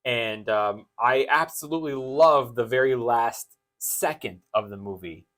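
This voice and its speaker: Rambling excited young man. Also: medium pitch, unhurried. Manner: excited, rambling, many restarts and fillers. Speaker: podcast co-host. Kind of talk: casual movie chat.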